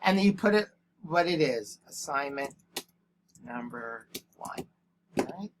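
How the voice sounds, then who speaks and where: A man's voice: on the high side, animated, measured pace, a little hiss or hum. Man teacher dictating punctuation into a headset. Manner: dictates punctuation aloud, plainspoken. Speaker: English language arts teacher. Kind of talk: screen-recorded tutorial demonstration. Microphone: headset microphone.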